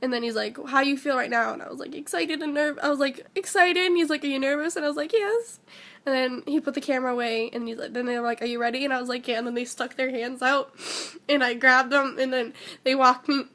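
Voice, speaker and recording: A high-voiced teenage girl recounts a personal story in a breathless, gushing rush. Her speech is shaky and tearful, and she leans on "like" constantly. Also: steady tone, quick pace, fairly bright tone. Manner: breathless, gushing, heavy use of "like". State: shaky and emotional, near tears. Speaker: vlogger.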